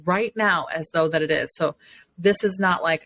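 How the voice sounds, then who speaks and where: This podcast host speaks in a lowish, fairly bright voice at a moderate pace, with no room sound at all. She's giving an earnest, encouraging motivational talk built around affirmations.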